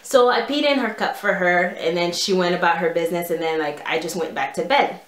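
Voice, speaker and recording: A young woman telling a storytime vlog in a casual, animated way, full of "like" and quoted dialogue. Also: fairly low pitch, brisk. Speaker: vlogger. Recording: echoey room.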